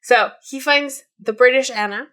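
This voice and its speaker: A woman's voice: high voice, moderate pace, a bit bright. A woman in her late twenties, co-hosting a podcast and retelling a story in casual chat, with many fillers and quoted voices. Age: 20s. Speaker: podcast co-host.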